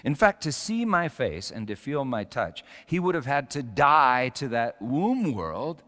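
Preacher, male, animated delivery, long hall reverb. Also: mid-range voice, a little slow. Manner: dramatic storytelling with rising emphatic peaks. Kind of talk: sermon.

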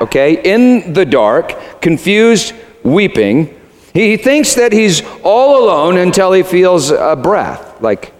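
A man preaching as a pastor, earnest and conversational, with casual fillers. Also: high voice. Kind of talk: sermon. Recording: echoey hall.

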